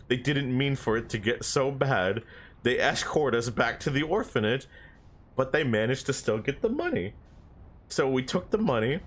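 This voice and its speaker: A man's voice: medium pitch, a bit bright. A young man telling a story about his dream in a rambling, laughing way, swearing often. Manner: rambling, swears a lot, laughs between lines. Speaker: streamer.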